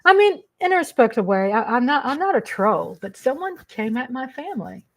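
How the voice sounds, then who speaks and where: A middle-aged woman chatting casually on a live stream, greeting viewers by name with warmth and affection. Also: high voice, sing-song, a little fast.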